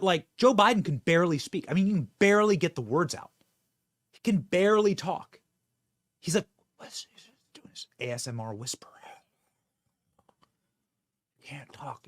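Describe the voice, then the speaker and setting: Energetic, emphatic man hosting commentary. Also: on the high side. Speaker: host. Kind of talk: political commentary.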